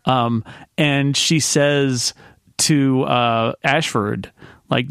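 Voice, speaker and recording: A man's voice: mid-range voice, fairly even intonation, drawn-out words, vocal fry, fairly bright tone, clean tone, no echo, studio quality. A man hosting a casual podcast chat, recapping a series in a rambling way with lots of restarts. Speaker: podcast host.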